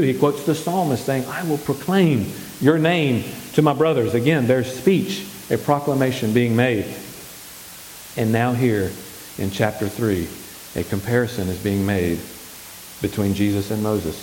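A man's voice: mid-range voice, normal speed, a little mellow. Male pastor, sermon, asks and answers his own questions, reverberant hall, faint hiss. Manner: asks the congregation questions and answers them himself.

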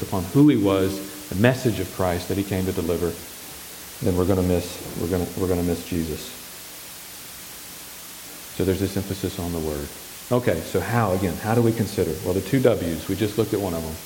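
A man's voice: low voice, steady tone, fairly quick, a little mellow. A male pastor preaching a sermon, asking the congregation questions and answering them himself. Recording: echoey hall with faint hiss.

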